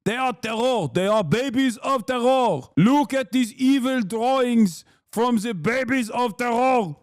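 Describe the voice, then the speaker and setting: A man putting on a shouting, paranoid male diplomat in a mock-indignant caricature. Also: very high voice, unhurried, no echo, studio quality. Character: shrill ranting male diplomat, outraged and paranoid.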